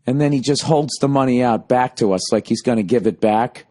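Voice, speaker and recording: A man's voice: mid-range voice, fairly quick, a little mellow. A man telling a rambling, profane comic story in a casual monologue. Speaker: podcast host.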